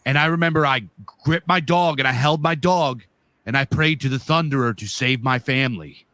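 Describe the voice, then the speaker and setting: This northeastern US man, from Pennsylvania, speaks at a moderate pace with a bright, forceful, mid-range voice and no echo. As a podcast co-host, he spins a vivid, meandering tale laced with fillers and curse words.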